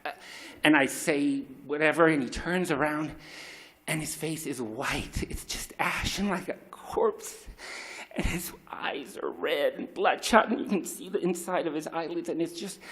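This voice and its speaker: A man's voice: fairly high pitch, a bit bright. A middle-aged man telling a raw, confessional personal story at a live story slam, swearing freely and restarting his sentences.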